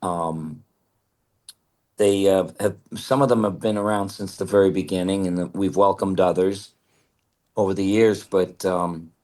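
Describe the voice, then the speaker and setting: A man's voice: deep voice, fairly even intonation, measured pace, a little mellow. A man in his seventies, a voice actor, telling candid, rambling stories as a guest in a casual interview. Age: 70s.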